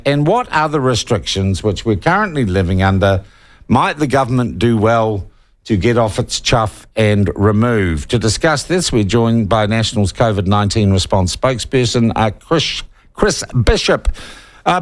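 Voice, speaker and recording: Male NZ talk radio host, middle pitch, chatty and wry. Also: moderate pace. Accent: New Zealand. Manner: chatty, wanders into joking asides. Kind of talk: conversational radio interview.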